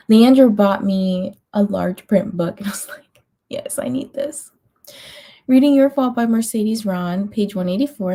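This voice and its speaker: A woman's voice: medium pitch, warm tone. A woman hosting a livestream, chatting casually and reading out viewer comments, sleepy and yawning, with many ums and little laughs. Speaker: livestream host of reading sprints.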